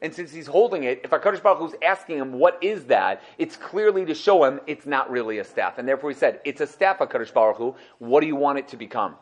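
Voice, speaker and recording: A man giving a Torah class, animated, acting out quotes and asking the class questions. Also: mid-range voice, fast, hardly any pauses. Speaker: Torah teacher.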